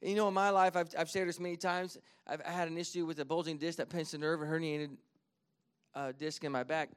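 Earnest male pastor, thirties, preaching a sermon; slightly high voice, swings between soft storytelling and emphatic exhortation. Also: level tone, clear, resonant tone. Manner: earnest, builds from quiet to emphatic; reads scripture slowly and deliberately.

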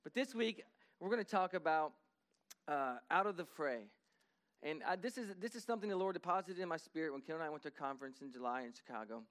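A middle-aged man preaching a sermon as pastor, talking animatedly and rising to emphatic high points. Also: expressive, fast talker, a bit bright.

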